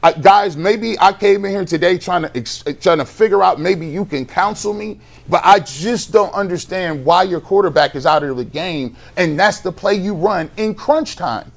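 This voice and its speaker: A man on a sports talk show, venting with heated exasperation and plenty of slang. His voice sits a little higher than most men's. He sounds animated and fired up, pressing his point hard. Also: normal speed, vocal fry, hardly any pauses.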